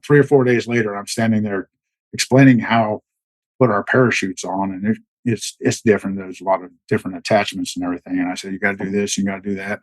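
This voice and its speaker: A man's voice: lowish voice, dry recording, poor audio. A middle-aged man, a military veteran, telling stories as a podcast guest in a rambling way, full of restarts and fillers. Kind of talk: casual storytelling.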